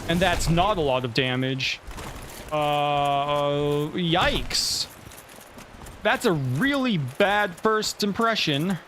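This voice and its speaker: High, lively-voiced man narrating gameplay. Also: extremely slow, a little hiss or hum. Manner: thinks aloud, cursing at sudden setbacks. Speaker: let's play host. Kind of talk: casual gameplay commentary.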